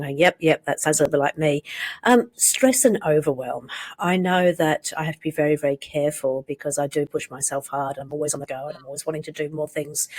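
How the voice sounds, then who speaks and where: A woman hosting a business podcast, affirming her guest and asking questions. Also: sits low. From New Zealand. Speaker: podcast host, business coach. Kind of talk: casual interview.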